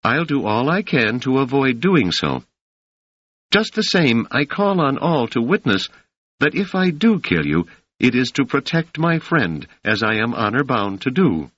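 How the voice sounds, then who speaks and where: A man's voice: medium pitch, sing-song, unhurried, a bit bright, no echo, pitched above the performer's own voice. A man reading an audiobook voices a young woman warrior who speaks firmly and with solemn resolve. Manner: firm and commanding. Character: brave young woman warrior, calm and honor-bound. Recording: dry, slightly muffled lo-fi audio.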